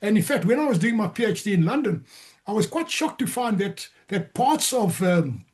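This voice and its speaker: A man's voice: sits high, very animated, normal speed, a little mellow. A man who grew up in Southern Africa, answering audience questions on a video call, hesitant with many restarts.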